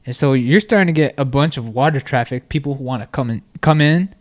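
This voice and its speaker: A man telling a story on a podcast in casual chat, animated and constantly checking in with the listener. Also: mid-range voice, a little fast. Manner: animated storytelling, constant "you know what I mean".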